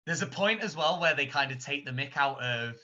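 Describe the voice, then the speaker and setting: A man chatting about films on a podcast, rambling and animated. His voice is very bright and forceful. The recording sounds dull and lo-fi. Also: medium pitch, fairly quick. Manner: rambling, animated, laughs while retelling scenes. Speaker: podcast co-host. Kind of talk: casual film chat.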